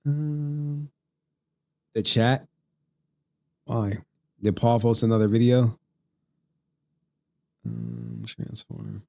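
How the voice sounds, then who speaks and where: A man hosting a live stream in a loose, rambling way, cursing freely and breaking into laughter as he reacts to his chat. His voice sits at a middle pitch, and his delivery is casual and off the cuff. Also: takes it slowly, pauses often, darkish tone. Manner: profane, laughing, rambling, reads super chats. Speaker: streamer host.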